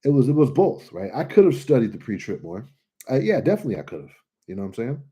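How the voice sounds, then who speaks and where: A man's voice: medium pitch, quick pace, husky. A young man from California, chatting casually and bluntly with lots of swearing while telling stories. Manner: blunt, profane, animated storytelling. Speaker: trucker vlogger answering comments. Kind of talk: casual livestream chat.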